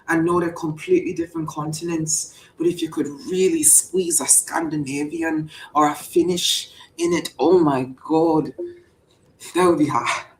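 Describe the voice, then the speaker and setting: A woman hosting a casual live show, playful and quick to laugh. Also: sits low, distant mic, slight background noise. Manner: playful, laughs often, jumps between accents. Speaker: host. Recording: echoey room with faint music.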